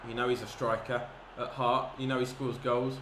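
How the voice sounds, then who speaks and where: An excitable man talks through his football video game match at a middle pitch, narrating every pass and yelping when a chance comes. His voice rings around an echoey room with steady noise behind it. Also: normal speed. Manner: excitable, bursts into shouts at chances. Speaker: gaming commentator. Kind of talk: live football game commentary.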